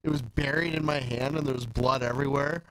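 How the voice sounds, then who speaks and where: A man's voice: mid-range voice, steady tone, brisk, background noise. A man from Canada, a guest angler, telling a blunt, joking fishing story in a studio chat.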